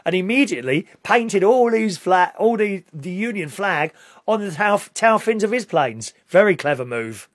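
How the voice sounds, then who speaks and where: A man's voice: high-pitched, animated, normal speed, no echo, studio quality. A man with a British accent talking casually to camera in a rambling, opinionated way, now and then rising to indignant outbursts. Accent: British English. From Britain. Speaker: vlogger.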